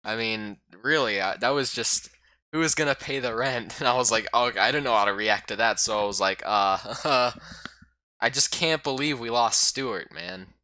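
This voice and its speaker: Bright-voiced man rambling through a game recap. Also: mid-range voice, normal speed, no echo. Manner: rambling, excitable, many fillers. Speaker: YouTuber. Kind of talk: casual game recap voice-over.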